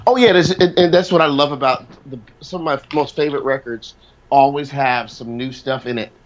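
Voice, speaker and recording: A man's voice: medium pitch, fairly quick, lo-fi sound. A man, a singer as interview guest, talking casually and rambling with many restarts and fillers.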